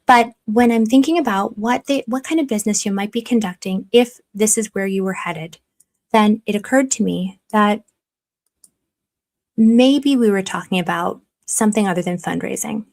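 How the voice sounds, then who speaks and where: A woman's voice: mid-range voice, normal speed, darkish tone. Woman giving rambling investigative commentary. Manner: rambling, repeats and restarts, speculative asides.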